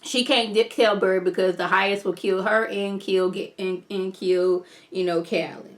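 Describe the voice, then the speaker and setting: Chatty animated woman recapping a show. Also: mid-range voice, moderate pace. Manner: animated, chatty, talks straight to viewers. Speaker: TV show reviewer. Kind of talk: casual video recap.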